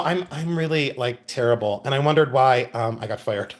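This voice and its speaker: A talkative man hosting a live jewelry sale, chatting casually with his viewers. His voice sits at a middle pitch. He laughs easily, tells cheeky stories and greets people in the chat by name. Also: normal speed. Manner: chatty, laughing, bawdy storyteller. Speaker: live-stream jewelry seller.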